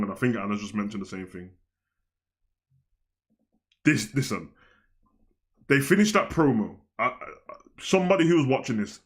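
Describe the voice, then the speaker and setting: A young man, casually reviewing a wrestling show on a live stream, animated and slangy, jumping from loud outbursts to mumbled asides. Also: mid-range voice.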